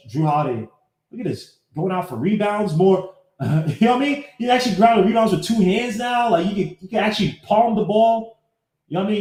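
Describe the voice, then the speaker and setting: A man hosting a casual live-streamed sports podcast, breaking down game clips and greeting viewers by name in an animated way. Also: sits high. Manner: talks while fumbling with his computer. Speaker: podcast host. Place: home setup, live streaming. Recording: echoey room.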